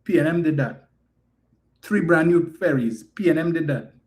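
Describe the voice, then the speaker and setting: Man, Trinidadian accent, high-pitched voice, indignant, rhetorical questions, political commentary. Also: moderate pace, darkish tone.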